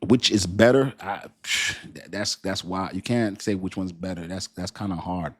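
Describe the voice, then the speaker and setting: A man's voice: sits low, fairly even intonation, a little slow, a bit bright, no echo, clean studio sound. A man from Haiti with a Haitian accent, hosting a casual crypto livestream and chatting with viewers in a rambling way, often repeating words.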